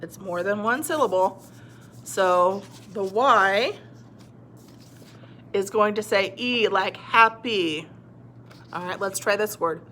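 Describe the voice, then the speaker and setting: A woman's voice: medium pitch, expressive, slow, long pauses, fairly bright tone, a little hiss or hum. A woman teaching a phonics lesson to young children, patiently sounding words out and cheering them on. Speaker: reading teacher.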